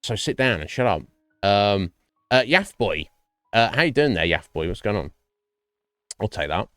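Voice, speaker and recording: A man's voice: on the low side, sing-song, moderate pace, fairly bright tone, no echo, clean studio sound. A man streaming and chatting casually with his viewers, rambling and swearing freely. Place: home streaming setup.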